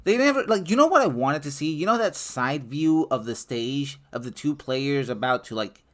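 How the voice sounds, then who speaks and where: A man's voice: on the high side, lively intonation, normal speed, fairly bright tone. A young man giving a loose, profane spoken movie review as a channel host, full of filler words.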